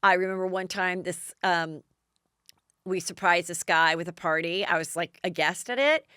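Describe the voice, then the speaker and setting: A woman's voice: moderate pace, sharp tone, clean tone, no echo, clean studio sound. A woman hosting a casual gossip podcast, telling stories in a chatty way and acting out other people's lines. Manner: chatty storytelling, acts out quotes with big pitch jumps. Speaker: podcast host. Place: Los Angeles.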